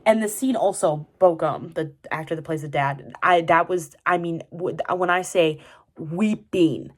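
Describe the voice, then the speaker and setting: A woman's voice: fairly low pitch, moderate pace. A young woman chatting casually about a TV drama she watched, rambling with many fillers and restarts. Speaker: vlogger reviewing a TV drama. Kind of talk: casual chat.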